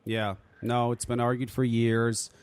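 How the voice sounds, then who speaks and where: A man's voice: medium pitch, flat delivery, measured pace, smooth. A man hosting a casual podcast, laid-back and casually profane. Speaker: podcast host.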